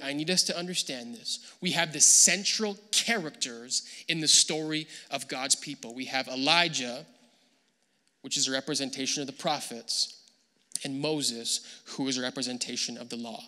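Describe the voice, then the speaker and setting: A man preaching a sermon as pastor, animated and acting out the people he quotes. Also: a little high, long reverb tail. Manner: animated, acts out quoted voices. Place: church hall.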